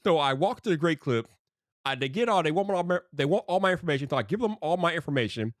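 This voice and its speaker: A man telling a casual story as a streamer host, animated and slangy, full of "bro". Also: a little high, quick pace, dry recording, studio quality.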